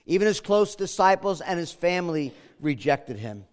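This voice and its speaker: A man preaching a sermon as pastor, moving between hushed, quiet lines and loud, emphatic ones. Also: high voice, very animated, normal speed.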